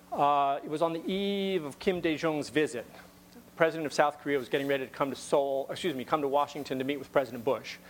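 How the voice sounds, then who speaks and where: A man's voice: mid-range voice, slight background noise. A man giving a talk to an audience, telling a story conversationally with wry asides and frequent repeated words.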